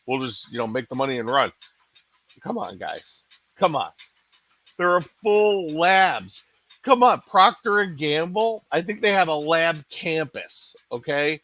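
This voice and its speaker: Male podcast co-host, rant-style casual talk, slightly high voice, dry recording. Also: bright, forceful tone, dry recording. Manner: ranting, many restarts and "you know".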